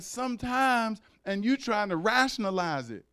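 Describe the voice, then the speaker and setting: Male pastor, slightly high, clear voice; conversational sermon with call-outs and acted-out voices. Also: moderate pace, fairly bright tone. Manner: acts out dialogue in raised voices.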